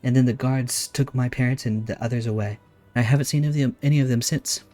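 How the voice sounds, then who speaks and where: A man's voice: mid-range voice, steady tone, a little fast, dark tone, faint music behind, natural voice. A man voicing a small, frightened kobold boy in a game, pleading with repeated words.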